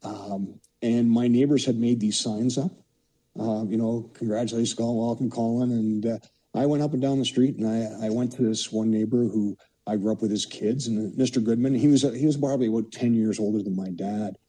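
Over a rough recording, a man in his sixties from Canada, formerly a hockey player, speaks at a normal pace in a lowish, dark, slightly rough voice. As a podcast guest he rambles through anecdotes, leaning often on "you know."

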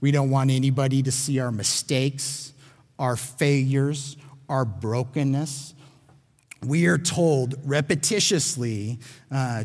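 Male pastor, mid-pitched, earnest sermon delivery, long hall reverb. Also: a little mellow. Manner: earnest, emphatic, with repeated restarts. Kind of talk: sermon teaching.

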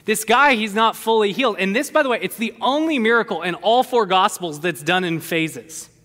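A man preaching a sermon in a church, animated and conversational with playful asides. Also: high-pitched, normal speed. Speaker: pastor. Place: church sanctuary. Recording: long hall reverb.

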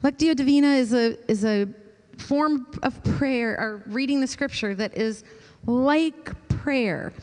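A woman preaching a sermon and leading a slow, gentle scripture prayer with long pauses. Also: sits high, big-room sound.

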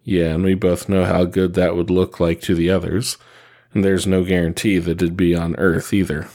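A man's voice: sits low, level tone, moderate pace, a little mellow. A man doing a blunt, hard young swordsman. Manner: curt and defiant.

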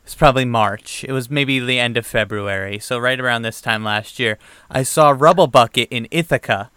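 A man's voice: mid-range voice, moderate pace, pushed and bright, clean tone, dry recording, clean studio sound. A man in casual chat, rambling through a memory and correcting himself as he goes. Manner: rambling, self-correcting recollection.

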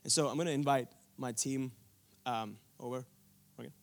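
A man's voice: medium pitch, normal speed, creaky. A young man from India preaching a sermon, telling a personal story earnestly, with frequent restarts.

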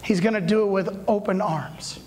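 A man preaching, retelling a story with dramatic swings from hushed lines to shouts and speaking straight to his listeners. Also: sits high, fairly even intonation, moderate pace. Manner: addresses listeners directly. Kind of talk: sermon storytelling.

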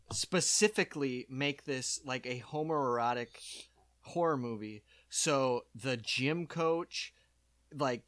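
A man hosting a casual chat, joking and animated as he retells films. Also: mid-range voice, dry recording, studio quality. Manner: animated, joking, puts on voices for comic bits. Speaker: podcast host.

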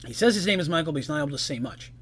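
A man narrating as game master on a live stream, in a relaxed, rambling style. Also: fairly high pitch, racing, a little hiss or hum.

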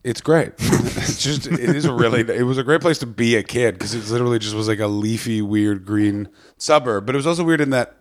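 A young man with a Canadian accent from the Ottawa Valley, a comedian chatting on a podcast with animated, swear-heavy storytelling. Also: medium pitch, fairly quick, few pauses. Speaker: comedian guest. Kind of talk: casual podcast chat.

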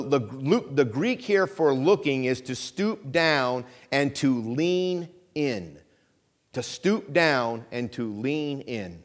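A middle-aged man preaching a conversational sermon in a church, often checking in with the congregation and slowing down to stress scripture. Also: a little high. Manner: conversational preaching with frequent call-and-response checks; slows down to stress scripture phrases. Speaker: pastor. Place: church sanctuary.

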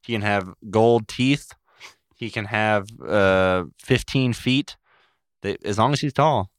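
Dry, smooth-voiced deadpan man. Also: fairly low pitch, slow, no room sound. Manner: wry, deadpan, jumps into silly voices. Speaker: podcast co-host. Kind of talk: casual comedic chat.

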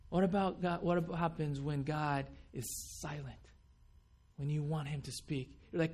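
A man preaching a sermon, animated and dramatic, acting out people's reactions with sudden louder bursts. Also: a little high, measured pace, husky. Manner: animated, acts out voices with sudden loud outbursts. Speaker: pastor.

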